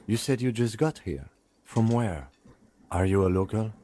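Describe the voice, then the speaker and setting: Reserved game-world police lieutenant; deep, measured and exact. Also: male voice, animated, dark tone, a little hiss or hum. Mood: composed. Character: calm formal male police lieutenant. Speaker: detective. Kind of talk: video game voice acting.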